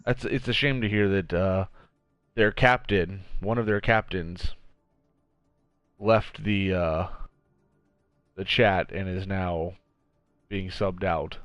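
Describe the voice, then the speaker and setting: A man casting a community video game match in a relaxed, casual way. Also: sits low, slow, pauses often, clean tone, no room sound, faint music behind. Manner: laid-back, chuckles often. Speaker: esports caster.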